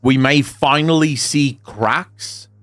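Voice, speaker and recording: A mid-pitched man chatting casually on a live stream, reading viewer comments aloud and answering them. His voice is close and dry on a home desk mic. Soft music plays faintly behind him. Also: slow pace, no echo.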